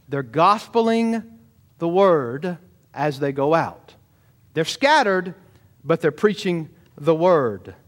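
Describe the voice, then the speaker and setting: High-voiced animated preacher. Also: male voice. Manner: animated preaching, rhetorical questions to the congregation. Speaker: pastor. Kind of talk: sermon.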